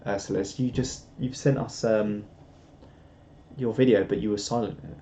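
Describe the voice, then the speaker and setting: Chatting casually on a live stream, this young man rambles and pokes fun at himself while reading viewer comments aloud. He speaks at a moderate pace in a lowish, warm voice with a steady tone. There's a bit of hiss or hum, and the home setup sounds roomy and slightly dull.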